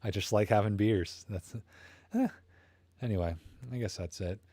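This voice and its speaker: A man's voice: fairly low pitch, moderate pace, dark tone, dry recording. A young man chatting casually on a live stream, rambling and joking around, his voice tired. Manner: goofy, rambling, self-promoting banter. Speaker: YouTube streamer. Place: small room at home.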